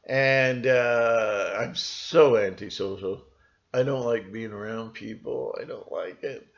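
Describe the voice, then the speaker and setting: A man talking in a rambling solo monologue, halting often with fillers and restarts. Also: fairly low pitch, vocal fry. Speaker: channel host. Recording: dull lo-fi recording.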